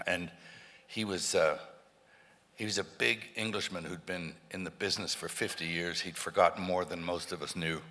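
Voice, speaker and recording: A man's voice: sits low, fairly even intonation, moderate pace, bright, forceful tone. A man guest telling rambling anecdotes on stage in front of a live audience, with many restarts and bursts of laughter. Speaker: interview guest. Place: large hall with a live audience. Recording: stage hall with reverb, faint noise.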